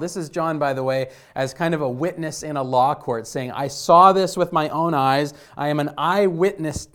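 A middle-aged man preaching a sermon as a pastor, telling stories with swings between emphatic lines and hushed ones. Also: on the high side, normal speed, hardly any pauses.

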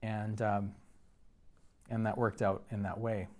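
A man's voice: lowish voice, little pitch movement, slow pace, a little mellow. Earnest man preaching a sermon. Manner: earnest, personal storytelling with frequent restarts. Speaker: pastor.

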